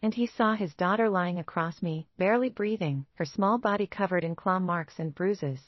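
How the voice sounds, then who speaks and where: Low-voiced woman narrating a dramatic story. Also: moderate pace, no room sound. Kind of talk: first-person story narration. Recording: dull, dry lo-fi sound.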